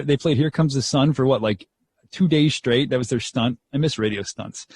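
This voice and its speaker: Speaking at a moderate pace, this young man has a medium-pitched voice with a breathy edge, captured dry. He's a radio DJ being interviewed, telling stories with lots of energy, frequent laughter and acted-out quotes.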